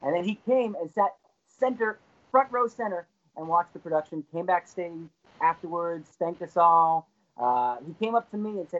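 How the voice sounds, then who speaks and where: A man guest on an interview, telling an excited anecdote with lively jumps in his voice. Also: normal speed, highs cut off. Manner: animated, excited storyteller with frequent pitch jumps. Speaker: guest actor. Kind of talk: casual anecdote storytelling.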